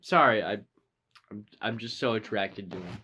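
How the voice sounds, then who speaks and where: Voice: moderate pace, sharp tone, husky. A young adult co-hosting a podcast in casual, playful chat with friends. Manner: playful, joking, bursts into high squeals. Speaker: podcast co-host.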